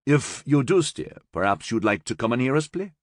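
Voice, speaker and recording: A man voicing an older, relaxed, genial musician who talks in an easygoing, gently teasing way. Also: medium pitch, moderate pace, dry recording, clean studio sound, pitched above the performer's own voice, close to an everyday voice.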